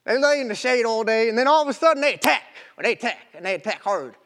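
Brief: young man, very high voice, folksy animated storyteller, casual grammar. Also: fast. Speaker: marathon runner telling his story. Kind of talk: storytelling talk.

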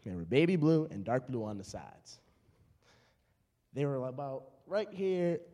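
A young man, a student, telling a true comic story on stage into a handheld mic, animated and repeating phrases for laughs. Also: medium pitch, measured pace. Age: young adult. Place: auditorium stage. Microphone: handheld microphone. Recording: long hall reverb.

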